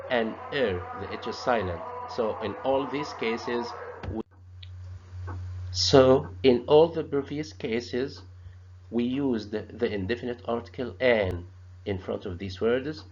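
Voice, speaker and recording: Slow, halting male teacher. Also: mid-range voice, a little hiss or hum. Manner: slow, halting, repeats sounds and words. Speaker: English teacher. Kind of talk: grammar lesson. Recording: dull lo-fi sound.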